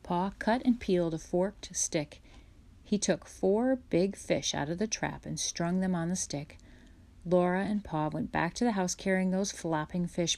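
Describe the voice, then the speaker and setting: Low, mellow woman reading a storybook. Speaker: narrator. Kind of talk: storybook read-aloud.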